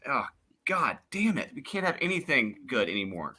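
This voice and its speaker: A man on a comics panel who writes comics, excitable and prone to exasperated rants. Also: medium pitch, normal speed. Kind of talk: casual panel chat.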